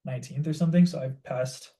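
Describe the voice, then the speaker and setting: Young man telling a story, mellow voice. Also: on the high side, fast talker. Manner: animated storytelling, heavy use of "like". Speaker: podcast co-host. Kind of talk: casual chat.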